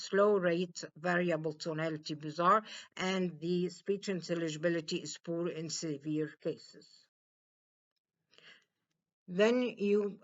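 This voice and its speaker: A woman's voice: on the low side, fairly bright tone. A woman giving a clinical lecture, reading out long lists of terms one by one, with fillers and restarts. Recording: dull lo-fi recording.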